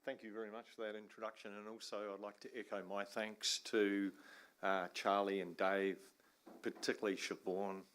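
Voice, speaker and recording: A man's voice: on the low side, flat delivery, moderate pace, noisy background. Joking Australian-accented man giving a talk. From New Zealand. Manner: joking, informal, swears mildly, bursts into laughing loud asides. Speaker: guest speaker, river science professor. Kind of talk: conference talk. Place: large conference room.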